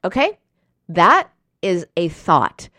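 In a casual advice talk, a grown woman self-help speaker addresses her listeners directly, earnest and emphatic, occasionally acting out feelings in short bursts. Her voice is fairly low and slow, with big pitch swings and a sharp tone, and there's no echo.

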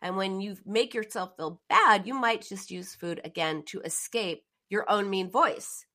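A woman's voice: medium pitch, measured pace, pushed and bright. A woman giving an earnest, emphatic motivational talk as a coach, acting out the words people say to themselves. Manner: earnest, emphatic, acts out quoted self-talk.

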